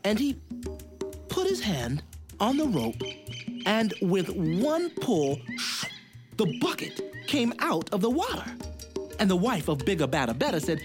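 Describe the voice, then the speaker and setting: A man telling a folk tale, in a lively, rhythmic way with sound effects. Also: sits high, unhurried, music in the background. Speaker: storyteller.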